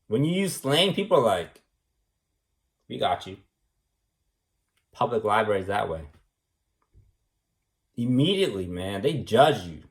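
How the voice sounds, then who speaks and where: A man rambles through a slow, preachy lecture, repeating points over and over. His pitch sits in a middle range, and he keeps tagging his lines with "man" and "right?". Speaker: vlogger. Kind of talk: rambling monologue.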